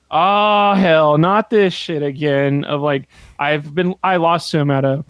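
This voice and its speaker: A man co-hosting a podcast in casual chat, telling an animated story with laughter and swearing, close on the microphone. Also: on the high side, clear, resonant tone, no echo. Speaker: podcast co-host.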